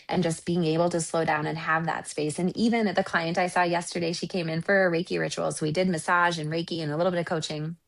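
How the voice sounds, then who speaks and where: A woman with a fairly low, creaky voice works as a relationship coach and Reiki practitioner. In an interview, she tells stories conversationally, reflective and earnest, often ending her points with "right?".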